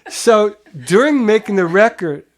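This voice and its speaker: A middle-aged man from Pennsylvania, a guest musician, telling animated stories in a relaxed interview, swearing casually and laughing as he talks. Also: high-pitched, unhurried. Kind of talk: relaxed storytelling.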